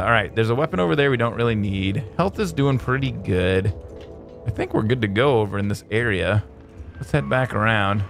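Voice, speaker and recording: A man hosts a let's play with excitable, jokey gameplay commentary that jumps into high exclamations. His voice has vocal fry.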